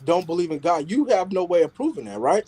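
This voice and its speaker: A man's voice: high voice, sing-song, fast talker, dark tone, husky, poor audio. A man in a casual debate, pressing his point with repeated questions. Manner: insistent, argues by questions.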